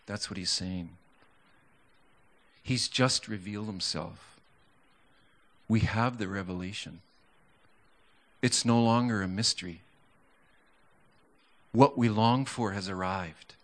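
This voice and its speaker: A man's voice: on the low side, slow pace, pauses often. A man preaching a sermon in a conversational storytelling way, with stammers and restarts, building to fervent emphasis.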